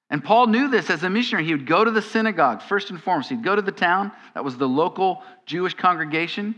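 A male pastor delivers a sermon, talking it through in a conversational way and landing on emphatic questions. His voice sits a little high and sounds bright and forceful. The long reverb of a church hall trails after each phrase. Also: expressive, fast, few pauses, dull audio.

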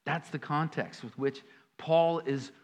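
Speaking at a slow pace, a male pastor whose voice runs slightly higher than typical works his way through scripture. Sudden emphatic bursts alternate with folksy, conversational asides.

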